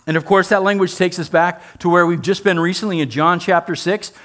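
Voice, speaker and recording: A man's voice: high voice, fairly quick, a bit bright. A male pastor preaching a sermon in a conversational way, asking the congregation rhetorical questions and adding playful asides.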